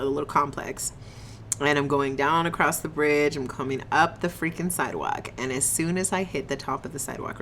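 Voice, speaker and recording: A young woman telling a casual storytime on her vlog, animated and slangy, swearing and laughing often, eating on camera. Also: a bass voice, a little hiss or hum. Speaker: vlogger.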